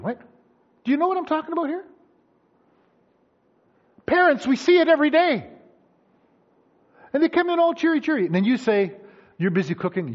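A man preaching a sermon, acting out voices of people he quotes. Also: very high-pitched. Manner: animated, acts out quoted voices. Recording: dull lo-fi sound.

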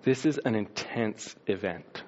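Animated preacher man, lo-fi sound. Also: fairly low pitch, measured pace, a little hiss or hum. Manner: animated storytelling, acts out scenes with sound effects. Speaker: pastor. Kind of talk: sermon.

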